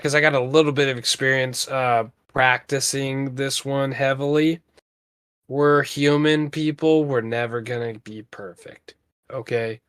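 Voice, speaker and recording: A man in his thirties co-hosts a podcast, giving a casual motivational talk in an earnest, rambling style with many fillers. His voice is medium-pitched with a fairly bright tone.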